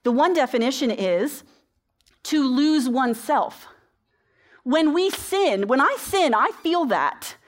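Woman preacher, fairly high voice, chatty sermon delivery with rhetorical questions. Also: lively intonation, takes it slowly. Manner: conversational storytelling with rhetorical questions.

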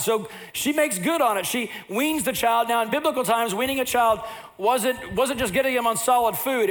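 Older male preacher, high voice, animated storyteller, sermon delivery. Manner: animated storyteller who acts out scenes. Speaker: pastor.

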